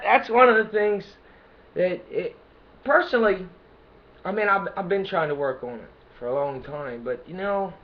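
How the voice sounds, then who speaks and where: A man giving an unscripted motivational talk to camera, hesitant and full of fillers and restarts, with bursts of excitement. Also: sits high, lo-fi sound, slight background noise. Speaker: self-help vlogger.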